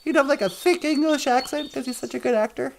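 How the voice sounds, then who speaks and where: A man's voice: extremely high pitch, fast talker, creaky, a little hiss or hum. A man hosting a podcast, rambling through a goofy comic story with playful silly asides. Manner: goofy, playful, doing silly voices and sound effects. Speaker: podcast host.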